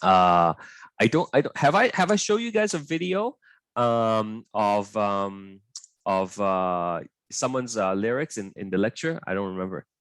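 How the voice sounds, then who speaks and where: A man's voice: fairly low pitch, lively intonation, unhurried, a bit bright, clear, resonant tone, no room sound. A young man teaching an online biology tutorial in a chatty, hesitant way, full of fillers and "right?" checks with his students.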